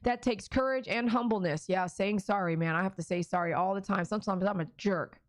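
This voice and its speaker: A woman's voice: medium pitch, fairly quick, no echo, studio quality. A woman talking frankly on a live stream, reading viewers' comments aloud and answering them in a blunt, earnest and emotional way. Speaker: dog trainer streamer.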